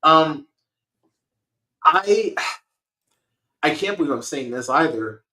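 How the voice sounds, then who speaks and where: A man with a high, bright and forceful voice rants through a movie review, swearing freely and building up steam. His podcast chat rings in a roomy, echoey space. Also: slow pace. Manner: animated, profane, ranting. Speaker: podcast host.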